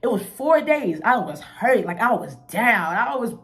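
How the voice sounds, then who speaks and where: A woman's voice: a little high, big pitch swings, unhurried. Candid young woman telling a story. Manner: candid, emotional, slangy storytelling with frequent "you feel me". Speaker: vlogger. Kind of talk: casual storytime vlog.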